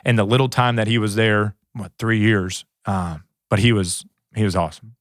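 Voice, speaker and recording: A man's voice: lowish voice, moderate pace, no echo, studio quality. A man in his thirties, a guest on a podcast, telling stories in a casual way and acting out what others said. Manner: animated, quotes others in lively asides. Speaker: guest, former pro football player. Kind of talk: casual storytelling.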